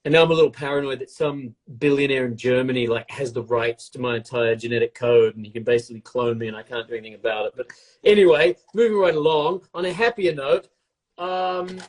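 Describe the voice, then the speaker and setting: A man's voice: mid-range voice, fairly even intonation, fast. A middle-aged man chatting casually and joking on a live stream as he bakes along. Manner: playful, rambling, jokes and teases. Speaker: co-host baking along.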